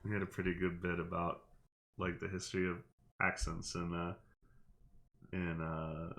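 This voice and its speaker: A man's voice: deep voice, completely flat delivery, normal speed, creaky, fairly bright tone. A man playing a tabletop game, chatting in a rambling way with many restarts and casual swearing. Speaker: player. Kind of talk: casual chat.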